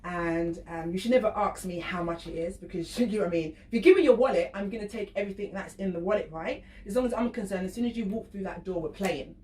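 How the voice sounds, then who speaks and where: A woman guest on a radio show tells lively stories in casual chat and laughs often. Her voice sits at an ordinary middle pitch. The studio sounds roomy, she is a little off mic, and there is a faint hiss. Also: fast, hardly any pauses, far from the mic. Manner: animated storyteller, laughs often, acts out voices. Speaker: professional dominatrix, radio guest.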